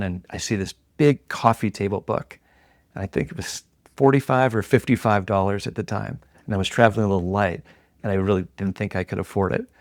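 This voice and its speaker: A middle-aged man telling a story as a podcast guest, animated and acting out the voices of the people in it. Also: on the low side, dry recording, studio quality. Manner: animated storyteller who acts out quoted voices.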